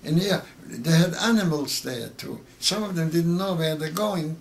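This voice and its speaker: Older man, 80s, native Yiddish, gravelly and a bit high, stop-start storytelling, soft room hiss. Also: expressive. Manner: halting, repeats words, emotional telling. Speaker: interviewee. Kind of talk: oral history interview.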